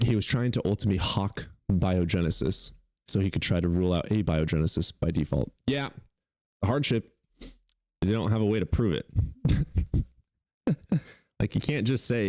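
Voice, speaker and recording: A sarcastic man hosts a live stream and reacts to callers and chat with casual swearing. His voice sits fairly low, yet his pitch jumps all over as he jokes. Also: expressive, moderate pace, pauses often, darkish tone, no room sound. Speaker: livestream debate host.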